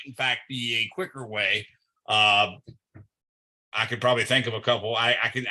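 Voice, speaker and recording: A man's voice: medium pitch, bright, forceful tone, poor audio. A man tutoring physics, working through a problem step by step and thinking aloud with fillers.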